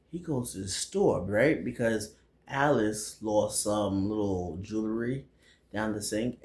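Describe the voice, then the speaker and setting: Male reviewer, casual and slangy, unhurried, full of fillers, recorded in an echoey room. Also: fairly low pitch, darkish tone. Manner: slangy, rambling, lots of fillers and acted quotes. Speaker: movie reviewer. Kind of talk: casual movie recap.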